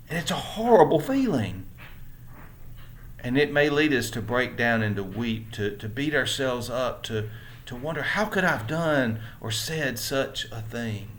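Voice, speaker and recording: A man with a Southern accent and a medium-pitched, fairly bright voice gives an earnest, conversational church Bible lesson, full of restarts and rhetorical questions for his listeners. A little hiss or hum runs through the recording.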